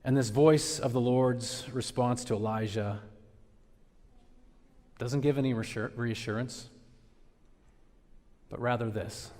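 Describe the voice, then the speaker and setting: A man preaching a sermon as pastor, with dramatic swings between loud emphasis and quiet, slowed phrases. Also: mid-range voice, steady tone. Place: church sanctuary. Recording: long reverb of a large church hall.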